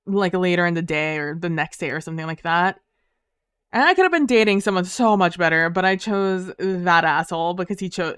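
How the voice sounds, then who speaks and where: Smooth-voiced woman ranting in casual chat. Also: on the low side, a bit bright, no echo, studio quality. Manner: swears freely and talks in quick, heated bursts; frequent fillers like "um" and "like". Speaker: livestreamer. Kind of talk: casual storytelling to a live chat.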